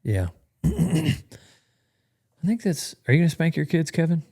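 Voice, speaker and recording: Laid-back man with lively pitch. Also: unhurried. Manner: laughing, joking, drawling. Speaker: podcast host. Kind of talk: casual podcast chat.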